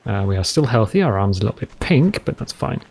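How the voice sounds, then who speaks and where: A man's voice: fairly low pitch, big pitch swings, quick pace, creaky, a little mellow, husky. A British man casually commentating a survival game, rambling and playful, now and then slipping into mock pirate talk. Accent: English. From Britain. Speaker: gameplay commentator. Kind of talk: casual let's-play commentary. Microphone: headset.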